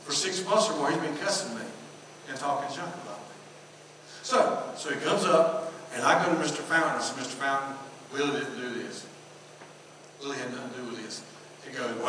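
A middle-aged pastor with a Southern accent preaches, acting out the voices in a personal story. He sounds far from the mic, in a very echoey church hall with a long reverb. A steady hum of room noise sits under his voice. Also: medium pitch. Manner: storytelling, acts out dialogue. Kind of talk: sermon. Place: church sanctuary.

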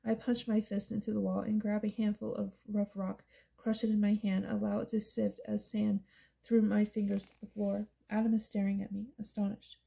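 A woman reading a first-person novel aloud, soft and intimate, at times near a whisper. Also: mid-range voice, level tone, moderate pace, gravelly, poor audio. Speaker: audiobook narrator. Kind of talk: first-person audiobook narration.

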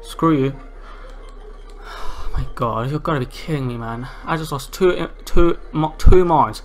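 A young man commentating his own gameplay, exasperated, swearing, and breaking into shouts and laughs at his losses. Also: fairly high pitch, unhurried, soft background music.

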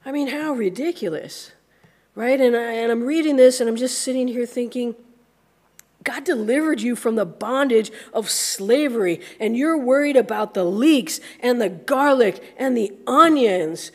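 American woman pastor, higher voice, chatty sermon that slips into quick character voices. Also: darkish tone. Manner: conversational, acts out grumbling voices.

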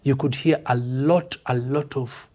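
A man's voice: medium pitch, steady tone, measured pace, a little mellow. An older man with a Kenyan accent, a veteran musician speaking bluntly and emphatically in a casual interview, dropping in Swahili phrases.

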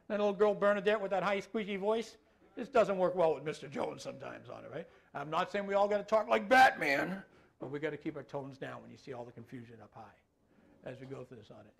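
A man's voice: a little high, vocal fry. A middle-aged man training an audience on dementia care, talking in a loose conversational way and often checking in with the listeners. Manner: conversational, keeps checking in with the audience, tacks on filler phrases. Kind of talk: talk to an audience.

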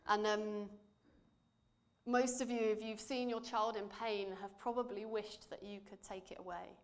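A woman preaching in church, reading scripture and speaking in a measured, earnest way that drops softly for emphasis. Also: medium pitch, little pitch movement.

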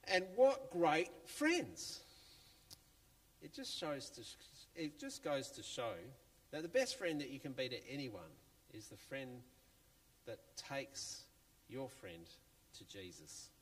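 A man tells a children's Bible story in church in a playful, chatty, animated way. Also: medium pitch, slow, long pauses. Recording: long church reverb, faint music.

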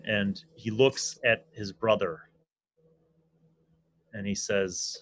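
A man's voice: lowish voice, fairly even intonation, slow pace, pauses often, a bit bright, no room sound. Guy running a d&d table, casual narration, dry close mic. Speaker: game master.

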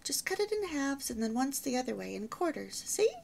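A woman's voice: sits high, very animated, brisk, creaky, exaggerated voice. A woman voicing a cheerful young newlywed housewife who chats eagerly and proudly about her home. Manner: bright, chatty and eager.

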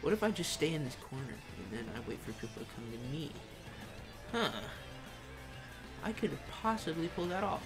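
A young man commentating live gameplay and reading out chat messages, excitable, slangy and full of trash talk. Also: fairly high pitch, normal speed, pauses often, music in the background. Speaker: gaming streamer.

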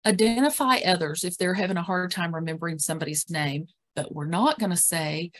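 A middle-aged woman with a slightly low voice presents an educational webinar on caregiving. She talks in a calm, instructive way and lays out steps plainly. The recording is dry and close, with no room sound. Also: a little fast, few pauses, dry recording. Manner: calm, instructive, steady explanations. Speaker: dementia care educator.

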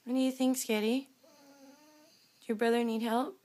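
A woman's voice: fairly high pitch, little pitch movement, moderate pace, mellow. A woman at home filming her dogs on the couch, coaxing them in a repetitive sing-song pet voice. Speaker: dog owner filming her pets. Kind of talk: home video talk to pets. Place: home living room with a couch.

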